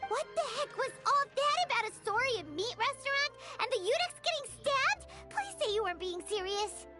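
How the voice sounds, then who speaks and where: Squeaky fairy game companion, very high voice, bouncy lively pitch, excitable, clear music behind. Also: female voice, fairly quick, full character voice. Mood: worried. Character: tiny floating fairy companion, excitable and chatty.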